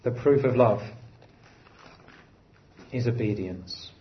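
An earnest male preacher speaks slowly in a sermon, rising to emphatic lifts and then dropping to quiet, low phrases. The sound is slightly muffled, with a little hiss or hum.

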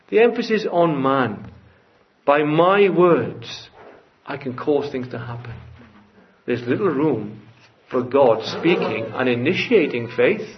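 A man preaching a sermon in a church, earnest and building to fervent emphasis. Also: medium pitch. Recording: dull lo-fi church recording.

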